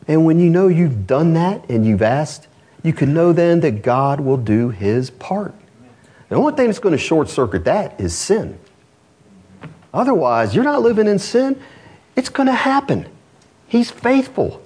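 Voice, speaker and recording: A man's voice: a little high, very animated, a little slow, darkish tone, slightly rough. A man preaching a sermon as pastor, earnest, asking rhetorical questions and reading scripture aloud. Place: church.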